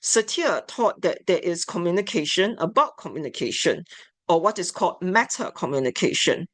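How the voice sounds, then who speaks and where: A woman giving an instructional talk on family therapy, measured and deliberate. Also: lowish voice, expressive, a bit bright, dry recording. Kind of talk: instructional lecture.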